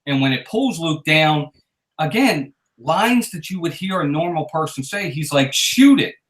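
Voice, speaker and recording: Animated man in an echoey room. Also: on the high side, normal speed. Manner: animated, laughs often, acts out movie quotes. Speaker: podcast host. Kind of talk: casual movie review chat.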